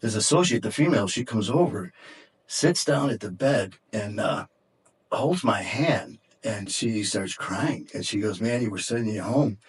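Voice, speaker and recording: A man's voice: lowish voice, animated, measured pace, husky. A middle-aged man and podcast guest telling an intense, emotional story in conversation, profane and at times choked up. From Detroit area, USA.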